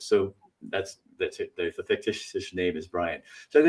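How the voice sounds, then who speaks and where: A middle-aged man hosting a casual conversation, an animated storyteller who acts out voices and laughs often. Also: fairly low pitch, fairly quick, hardly any pauses, far from the mic. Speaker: host.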